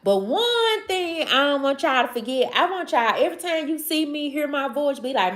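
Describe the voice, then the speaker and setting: Woman, Mississippi Southern accent, slightly high voice, casual livestream chat, slangy, repeats herself. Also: sing-song, normal speed, hardly any pauses, a bit bright. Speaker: livestream host. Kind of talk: casual live-stream chat.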